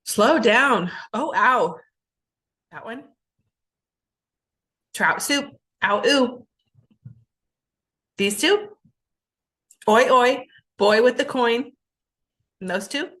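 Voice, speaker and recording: A woman with a bright, clear voice leads a phonics drill at a very slow pace. She sounds out each letter sound and word part one at a time, deliberately and carefully. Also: on the high side, expressive. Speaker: ESL teacher.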